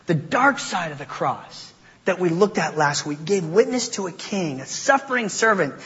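A man's voice: high voice, expressive, normal speed, a bit bright. Preacher man in a reverberant hall. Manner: conversational, with stammered restarts and informal asides. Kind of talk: sermon. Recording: dull audio with long hall reverb.

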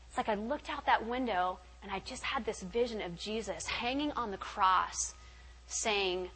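A young woman from California speaks at a church retreat, telling her own faith story. Her voice is bright and forward, and she talks in an animated, candid way with casual fillers. It sounds like a personal testimony given to a live group. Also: mid-range voice, a little slow, husky, rough recording. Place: retreat meeting hall.

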